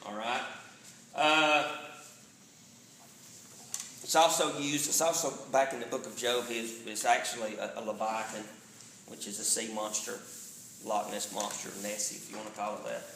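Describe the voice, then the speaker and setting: A man's voice: fairly low pitch, steady tone, normal speed, long pauses, bright, forceful tone, reverberant, a little hiss or hum, rough recording. A man, a pastor teaching a Bible study in a casual way, often checking in with the room. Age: 40s. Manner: conversational, checks in with "all right?". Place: church sanctuary.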